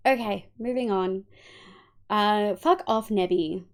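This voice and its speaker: A woman's voice: on the high side, slow pace, clean tone. Upbeat Australian woman streamer. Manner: greets chat warmly by name, swings into loud playful outbursts. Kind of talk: casual live-stream chat.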